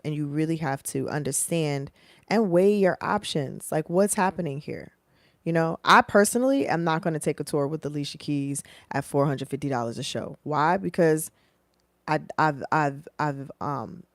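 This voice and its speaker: A woman in her thirties, a professional singer, giving casual, animated career advice to camera. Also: sits low, dry recording. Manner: animated, acts out dialogue in changed voices.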